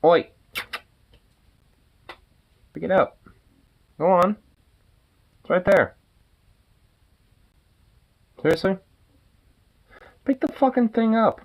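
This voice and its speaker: Man scolding his dog, drawn-out words. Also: sits high, expressive, dull audio, a little hiss or hum. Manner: teasing, exasperated, swears a lot. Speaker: dog owner. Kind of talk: casual talk to a pet.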